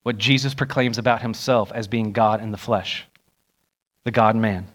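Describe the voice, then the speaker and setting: A young man preaching a sermon in a church, animated and acting out the voices he quotes. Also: moderate pace. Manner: animated, acts out quoted voices with rising pitch. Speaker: pastor. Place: church sanctuary.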